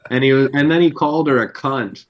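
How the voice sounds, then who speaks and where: A comedian on a podcast, telling rambling, profane anecdotes with plenty of fillers. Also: male voice, mid-range voice, brisk, dull audio. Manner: loose, profane storytelling with many fillers. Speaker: comedian guest.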